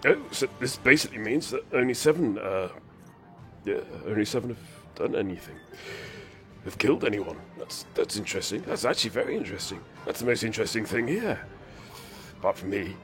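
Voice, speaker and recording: A man talks his way through a game stream with whimsical, rambling asides, sounding a little ill but hyper. His voice sits low yet swings widely in pitch. Faint game music plays under him. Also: big pitch swings, brisk, fairly bright tone. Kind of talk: casual live-stream commentary.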